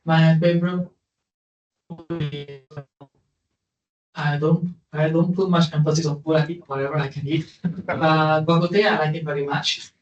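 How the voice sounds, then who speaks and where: Student guy, kinda high voice, animated, echoey dull room sound. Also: normal speed, soft background music. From Klang, Selangor, Malaysia. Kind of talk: self-introduction in class.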